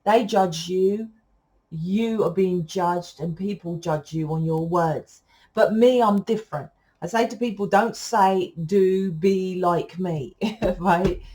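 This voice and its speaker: A woman talks straight to her viewers as a tarot reader. Her voice sits a little low, and she is loud, rambling and quick to correct herself. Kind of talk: casual spiritual monologue to viewers.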